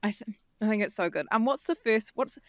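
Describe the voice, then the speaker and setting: Lively woman explaining vocal technique. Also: mid-range voice, a little fast, dry recording, clean studio sound. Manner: analytical, uses vocal anatomy terms. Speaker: voice actor podcast co-host. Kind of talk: casual chat about voice technique.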